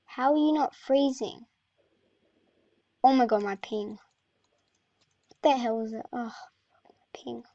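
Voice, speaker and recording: A woman grumbles her way through a computer game, half talking to herself in a fairly high voice. She drawls slowly and complains as she plays. The sound is dry and a little muffled, like a cheap home mic. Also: mellow, dry recording. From Australia. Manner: frustrated muttering to herself. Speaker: gamer. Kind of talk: casual gameplay commentary.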